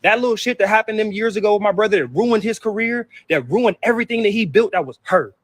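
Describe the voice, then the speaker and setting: Man, high voice, rapid-fire heated profane rant, hurt and upset; personal vlog to camera. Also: no room sound. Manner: heated, profane, repetitive outbursts. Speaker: vlogger. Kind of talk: emotional personal venting to camera.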